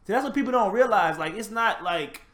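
A man in casual chat, animated and profane, retelling stories with acted-out quotes. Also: sits high, a little fast.

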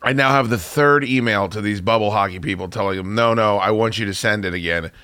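A male talk-show host ranting profanely in a casual chat, breaking into shouts and laughter. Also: on the low side, fairly quick, clear, resonant tone, no echo. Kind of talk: casual radio-show rant.

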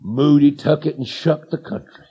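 Man, evangelist preacher, high voice, folksy yarns that rise into shouted preaching, muffled sermon tape. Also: fairly even intonation, moderate pace, breathy edge. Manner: folksy storytelling that builds to shouted declarations. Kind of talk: fiery revival sermon. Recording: dull lo-fi sermon recording.

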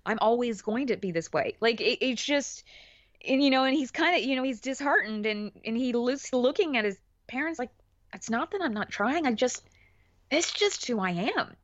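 A woman chatting as a podcast guest, animated, laughing often and restarting her sentences. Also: a little high, normal speed, no room sound. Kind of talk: casual chat. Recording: dull dry lo-fi audio.

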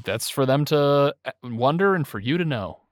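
A man's voice: mid-range voice, lively intonation, moderate pace, dry recording, clean studio sound. A young man co-hosting a podcast, joking and rambling in casual chat with lots of fillers. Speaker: podcast co-host.

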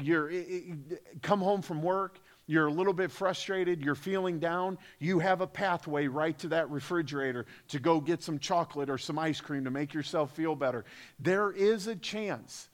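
A man preaching a sermon as pastor, emphatic, with rhetorical questions and repetition. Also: on the high side. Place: church sanctuary.

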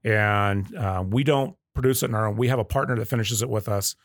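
Guest man from the South, low-pitched storyteller, close and dry. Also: a little fast, no room sound. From Southern United States. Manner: storytelling, acts out customer quotes. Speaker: guest, coffee company leader. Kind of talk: casual podcast interview.

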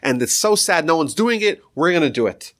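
Man voicing a naive sincere simple man, eager, high, lively. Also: brisk. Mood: earnest.

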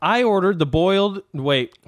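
A man's voice: high voice, lively intonation, normal speed, no room sound. Crude mocking guy, raised voice, dry mic. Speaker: podcast co-host. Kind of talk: casual chat, reading reviews aloud.

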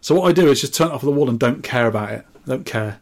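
Reading listener mail on a relaxed retro gaming podcast he co-hosts, this man is jokey, self-deprecating and prone to rambling. His medium-pitched voice is expressive and a little mellow, and he races along.

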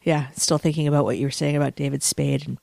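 Female podcast co-host, low-pitched, blunt and giggly, dry close recording. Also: fairly even intonation, fast, creaky, a little mellow, no echo. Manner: laughs often, blunt and profane. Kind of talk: casual podcast chat about comics and films.

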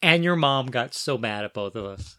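A man telling stories about raising his child, animated and full of restarts, acting out quoted voices. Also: mid-range voice, moderate pace, no echo, clean studio sound. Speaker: parent telling family stories. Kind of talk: casual storytelling conversation.

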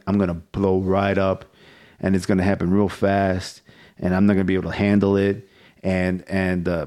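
A man's voice: deep voice, a little mellow. A man hosting a podcast in casual chat, rambling and swearing freely as he tells a story, with laughs along the way. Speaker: podcast host.

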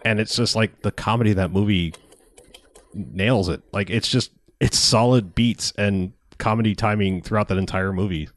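A man's voice: on the low side, normal speed, no room sound. A man in casual podcast chat, rambling about movies, often laughing and swearing as he acts out lines.

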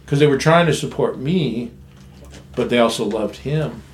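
A man's voice: mid-range voice, normal speed, slight background noise. A man in recovery candidly telling a family story in a frank, blunt way, swearing freely. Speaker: guest sharing recovery story. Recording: echoey room, faint ambience.

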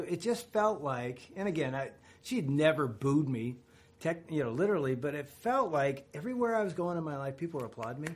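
A middle-aged man co-hosting a radio talk show, telling a story with animated quotes. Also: a little high, brisk, slight background noise. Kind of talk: casual storytelling chat.

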